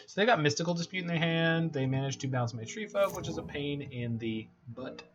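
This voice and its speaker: A man from Canada giving casual gameplay commentary, chatty and joking as he thinks out loud. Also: a little high, brisk. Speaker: game streamer. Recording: slightly muffled with faint hiss.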